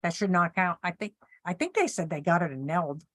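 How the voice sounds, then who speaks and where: A woman's voice: fairly low pitch, brisk, dry recording. A woman chatting casually, telling funny stories and acting out what people said, laughing along. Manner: animated storyteller, acts out quotes, laughs often. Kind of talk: casual storytelling chat.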